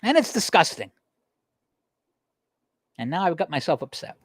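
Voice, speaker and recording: A man hosting a political livestream, delivering a heated, emphatic monologue that climbs in pitch as he gets worked up. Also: very animated, moderate pace, breathy edge, no room sound, clean studio sound. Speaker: political talk show host. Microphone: livestream desk microphone.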